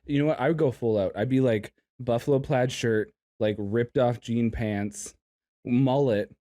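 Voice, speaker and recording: A man's voice: medium pitch, measured pace, dark tone. Guy cohosting a podcast in a park, giggles a lot, goofy, regular mid voice. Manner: giggly, laughs often, jumps into silly voices. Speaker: podcast co-host. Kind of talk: casual chat. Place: outdoors in a park.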